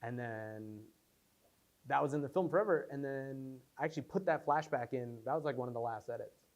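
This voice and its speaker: Speaking briskly in a mid-range voice, a young filmmaker answers questions from the audience after his film is screened. The session is casual, and his animated, meandering anecdotes are peppered with fillers and restarts.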